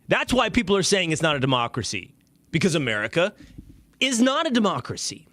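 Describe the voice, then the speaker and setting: A male show host delivering a sarcastic, animated opinion monologue. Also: fairly high pitch, brisk, dry recording.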